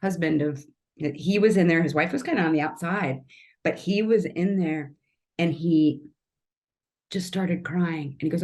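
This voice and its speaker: A woman's voice: fairly low pitch, a little slow, darkish tone. A middle-aged woman from Kansas City talking as a podcast guest, earnest and emotional, rambling and restarting her sentences. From Kansas City, Missouri. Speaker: podcast guest, tree artist and storyteller. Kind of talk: casual podcast interview.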